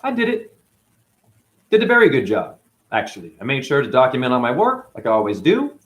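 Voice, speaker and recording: His medium-pitched voice swings hugely in pitch and moves a little fast as he describes a dispute with his boss at the cleaning job. In this personal vlog, the janitor with chronic hip pain vents his grievances emotionally, quoting people with acted lines.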